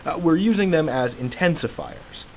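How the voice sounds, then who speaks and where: A man's voice: on the high side, lively intonation, moderate pace, a little hiss or hum, low-quality recording. A man teaching grammar in a casual educational video, chatty, acting out example sentences with emphasis.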